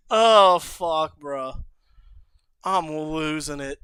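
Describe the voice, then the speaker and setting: High, lively, laughing young man streamer. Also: unhurried, clear, resonant tone, no echo. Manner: loud, laughing, swearing, shouty. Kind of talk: casual live-stream chat.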